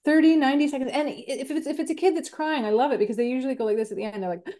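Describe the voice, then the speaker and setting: A woman speaking as a podcast guest, talking in an animated and reflective way and acting out her own inner thoughts as she explains. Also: high voice, racing. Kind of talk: reflective conversational interview.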